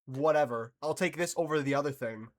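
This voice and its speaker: A man's voice: fairly high pitch, brisk. A man giving casual reaction commentary on a TV episode, exasperated and swearing, often trying to compose himself after fits of laughter.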